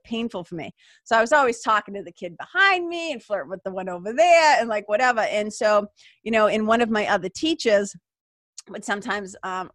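A woman's voice: mid-range voice, fairly bright tone, no room sound, studio quality. A woman, hosting a podcast and telling stories from her own life in a candid, casual way, swearing freely and using lots of fillers. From Massachusetts. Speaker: podcast host. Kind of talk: casual storytelling monologue.

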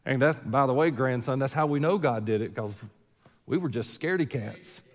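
A male senior pastor with a mid-range voice preaches at normal speed in a church sanctuary, conversational and folksy, full of rhetorical questions. His words trail off in a long reverb tail.

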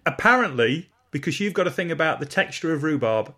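A man's voice: on the high side, lively intonation, fairly quick, bright, forceful tone. A man co-hosting a podcast, chatting casually and reading out listener messages. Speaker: podcast co-host. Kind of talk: casual chat.

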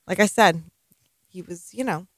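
A woman's voice: fairly low pitch, dry recording, studio quality. A woman co-hosting a podcast in casual, rambling chat, full of strong opinions and swearing. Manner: chatty, profane, rambling, quick opinions. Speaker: podcast co-host.

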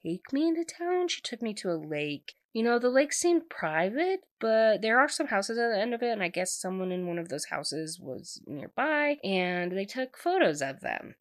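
A woman voicing an earnest young man who explains things calmly, in a book recap, close to her own voice. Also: medium pitch, moderate pace, hardly any pauses, no echo, pitched above the performer's own voice, close to an everyday voice. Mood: explaining.

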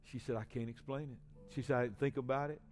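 A man in his forties, a pastor, giving an emotional personal testimony in a sermon, swinging from hushed to loud. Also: medium pitch, steady tone, quick pace, soft background music. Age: 40s.

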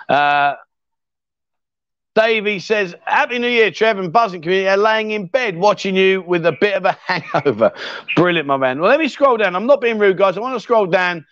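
A middle-aged man with an English accent chats on a live stream, joking with his viewers and calling them mate. His voice sits fairly high for a man. The sound is dry and a little dull. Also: expressive, moderate pace, fairly bright tone, no echo. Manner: chatty and jokey, full of mate and fair play. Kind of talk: casual live-stream chat reading comments.

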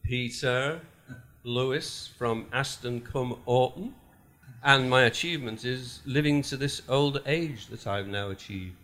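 A man's voice: mid-range voice, measured pace, bright, forceful tone. A man in his seventies with a Liverpool accent, speaking from the audience at a live show with a self-mocking humor. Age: 70s. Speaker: audience member.

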